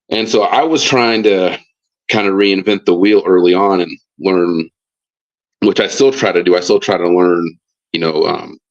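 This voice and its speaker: A low-voiced man, a football coach, telling a casual story on a podcast. His speech rambles with many fillers and restarts. The stream audio is dull and lo-fi. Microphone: live stream mic.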